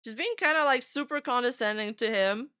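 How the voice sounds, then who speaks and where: A woman's voice: fairly high pitch, fairly quick, pushed and bright, dry recording, clean studio sound. A woman commenting casually on online drama, reading messages aloud and giving blunt, chatty opinions. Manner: opinionated, chatty, with frequent fillers. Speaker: VTuber commentator.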